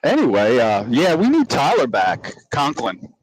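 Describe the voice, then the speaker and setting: A man's voice: medium pitch, wildly swooping pitch, unhurried, husky, rough recording. A man in his sixties, a sports podcast host, chatting casually and rambling through stories with many restarts. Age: 60s. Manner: rambling storyteller, lots of restarts and "you know".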